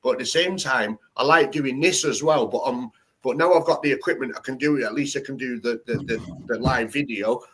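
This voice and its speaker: A man hosting a casual live-stream chat, rambling and animated, swearing freely. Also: mid-range voice, a little fast, breathy edge. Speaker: livestream host. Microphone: home streaming setup.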